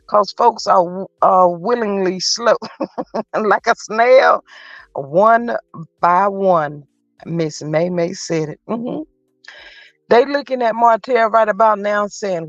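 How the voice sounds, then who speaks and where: A woman's voice: mid-range voice, no room sound. Chatty woman gossiping on a muffled livestream. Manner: chatty and gossipy, frequent mm-hmm interjections. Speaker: livestream host. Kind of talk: casual live chat, reading viewer comments. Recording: muffled lo-fi audio with faint music.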